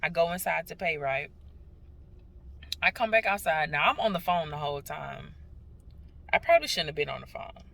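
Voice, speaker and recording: Gravelly, bright-voiced woman vlogger. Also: low voice, expressive, normal speed, pauses often. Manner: chatty, dramatic storytelling. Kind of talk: casual vlog chat.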